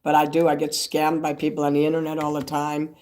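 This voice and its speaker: Older man rambling flatly on a livestream. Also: fairly high pitch, brisk. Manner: meandering, swears freely, reads and answers chat comments. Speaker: livestream host.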